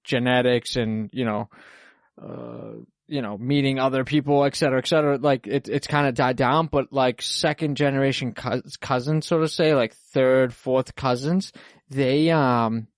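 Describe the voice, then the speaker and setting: A man's voice: mid-range voice, fairly even intonation, normal speed, dry recording, studio quality. A young man, a podcast host, chatting casually in a rambling, profane way with lots of fillers. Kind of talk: casual chat.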